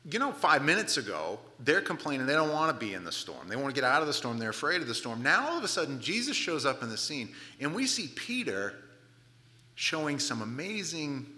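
A man preaching a sermon, retelling a scripture story with lively asides and acted-out moments. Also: mid-range voice, in a large hall. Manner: animated storytelling, acts out the scene, casual asides. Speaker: pastor.

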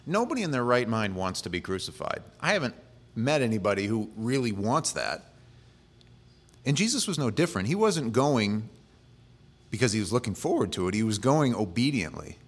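A male pastor preaching a sermon in a conversational way, with humorous asides. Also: mid-range voice.

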